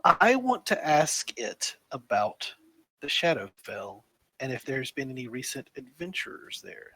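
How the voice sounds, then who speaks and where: A man's voice: medium pitch, very animated, measured pace, pushed and bright, breathy edge, dry recording, poor audio. A man playing a druid character in a tabletop game, speaking earnestly and directly. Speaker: player. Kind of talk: tabletop role-play.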